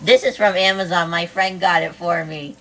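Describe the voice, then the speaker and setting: Bubbly low-voiced woman livestreaming. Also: fairly even intonation, normal speed, sharp tone. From US East Coast. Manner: bubbly, greets viewers one after another, says "oh my God" often. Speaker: livestreamer cooking while greeting viewers. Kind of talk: casual livestream chat.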